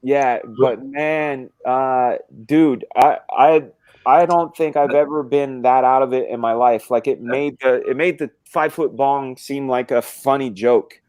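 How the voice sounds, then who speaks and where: A man's voice: mid-range voice, steady tone, unhurried, a little mellow, dry recording. A man hosting a casual live stream, telling a rambling story with lots of swearing and restarts. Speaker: stream host.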